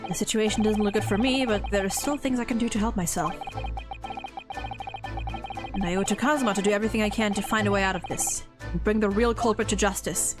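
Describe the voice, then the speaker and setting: A woman's voice: mid-range voice, fast, over music, close to an everyday voice. A woman streamer reading the lines of a young male defense lawyer from a video game, an earnest, worried inner monologue. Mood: determined.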